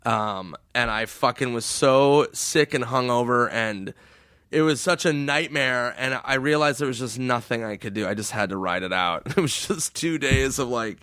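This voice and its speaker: Male comedian guest, mid pitch, laughing storyteller with quick impressions, dry close studio mic. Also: fairly bright tone, smooth, dry recording. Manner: laughing storyteller, voices quoted people in a high put-on pitch. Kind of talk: casual storytelling.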